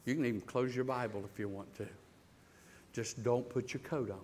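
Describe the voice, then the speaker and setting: Preaching at a moderate pace and medium pitch, this male pastor shifts between booming, emphatic climbs and soft, intimate passages, often echoing his own words. Slight background noise can be heard.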